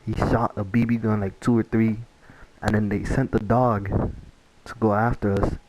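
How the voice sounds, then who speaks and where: A man's voice: lowish voice, level tone, normal speed, a little mellow, low-quality recording. A young man telling a casual story-time tale, rambling with many fillers and restarts. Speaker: vlogger.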